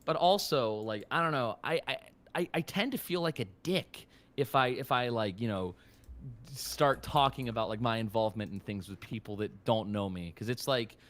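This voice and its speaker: A man's voice: medium pitch, moderate pace, fairly bright tone. A young man, a voice actor guest on a podcast, chatting casually in a rambling, self-deprecating way full of fillers and restarts.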